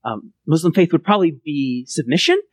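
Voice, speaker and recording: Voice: medium pitch, lively intonation, fairly quick, breathy edge, dry recording. A pastor from Texas preaching a sermon in a chatty, conversational way, often checking in with the listeners by asking "right?". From Texas, USA.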